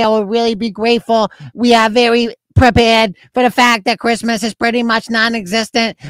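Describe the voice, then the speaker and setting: A man's voice: very high-pitched, a bit bright, clean tone, no room sound, voice pushed up. A man putting on a mocking voice as a whiny, pleading single mother, reading in a sing-song way.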